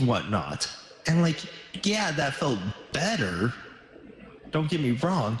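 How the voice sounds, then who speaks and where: A man chatting casually on a gaming stream, blunt and swearing freely, speaking in quick bursts. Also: mid-range voice, animated. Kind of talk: casual chat. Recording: echoey room with faint noise.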